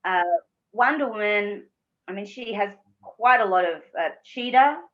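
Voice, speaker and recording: A woman's voice: mid-range voice, animated, measured pace. A woman guest from Australia in a casual interview, chatty, laughing easily and restarting her sentences. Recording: dull lo-fi sound.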